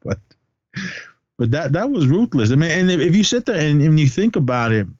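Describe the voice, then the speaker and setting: On a podcast, this male co-host chats his way through a movie recap, full of restarts and "he goes." He talks fairly quickly in a slightly high, darkish voice that swings widely in pitch. The recording is dry and muffled, lo-fi with no room sound.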